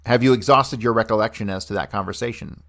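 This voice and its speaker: Low-voiced man reading testimony aloud. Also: fast talker. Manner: steady reading voice that plays both questioner and witness without changing voice. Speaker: podcast narrator reading hearing testimony. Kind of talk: solo reading of a transcript aloud.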